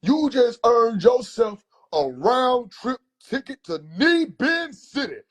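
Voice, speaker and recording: A man imitating his theatrical, stern older uncle, drawing out his commands slowly and pompously. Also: very high voice, very animated, slightly rough, pitched above the performer's own voice, exaggerated voice. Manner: drawn-out, slow, pompous commands. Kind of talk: comedic storytelling impression.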